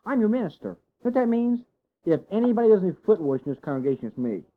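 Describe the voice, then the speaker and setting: A man preaching a sermon to his congregation, folksy and animated, full of rhetorical questions. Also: high-pitched, rapid-fire. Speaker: pastor. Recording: dull lo-fi sound.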